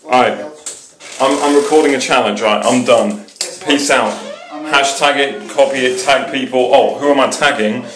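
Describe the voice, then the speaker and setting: A man's voice: medium pitch, steady tone, normal speed. A cheeky young Englishman with an English accent, rambling and swearing casually as he films a vlog. His voice sits in a middle register. The indoor room gives it a noticeable echo. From England. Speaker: vlogger. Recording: echoey room.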